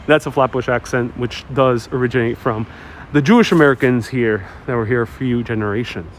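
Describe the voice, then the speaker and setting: A man's voice: medium pitch, steady tone, brisk. A young adult man from Queens hosting a live walking tour on a city street, reading out viewer comments and answering them as he goes. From Queens, New York. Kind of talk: casual live-stream chat while walking. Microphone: wireless clip-on mic while walking. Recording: outdoor street recording with faint traffic noise. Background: street traffic.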